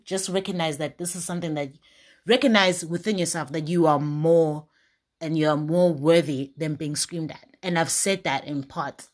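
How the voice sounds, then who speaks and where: A woman giving dating advice in a casual monologue, sassy and emphatic, with big swings in pitch. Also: darkish tone.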